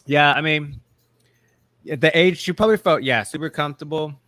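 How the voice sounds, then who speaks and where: A man's voice: a little high, moderate pace, a bit bright, no echo. A man co-hosting a casual TV recap chat, rambling with many fillers and restarts. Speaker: co-host.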